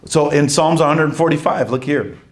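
A man preaching a sermon, reading scripture and telling a lively testimony story with quick laughs and emphatic asides. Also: fairly high pitch.

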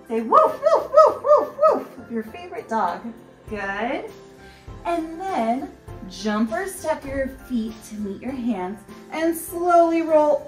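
A woman teaching a family yoga flow, cheerful and encouraging, singing some of her cues. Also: sits high. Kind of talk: guided kids' yoga with singing. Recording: roomy, mic at a distance, music underneath.

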